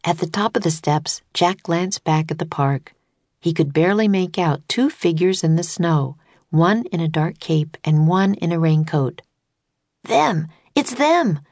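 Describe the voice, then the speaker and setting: A woman narrating a children's storybook in a steady, clear reading voice. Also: deep voice, normal speed, no room sound.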